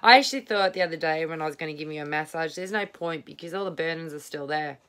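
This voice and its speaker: A woman's voice: low-pitched, fast, a bit bright. A woman giving a casual tarot reading at home, rambling, candid and blunt, swearing freely. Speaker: tarot reader. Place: home, at a small table.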